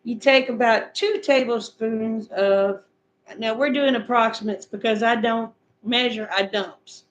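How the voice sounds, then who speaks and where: A woman's voice: a little high, steady tone, unhurried, dull audio, a little hiss or hum. A middle-aged woman chatting casually with her viewers and walking them through a recipe in a homespun, repetitive way. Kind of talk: casual chat, recipe instructions.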